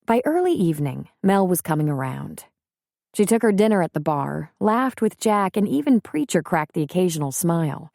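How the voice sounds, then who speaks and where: A woman narrating an audiobook in a measured, even storytelling manner. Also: lowish voice, vocal fry, no echo, studio quality.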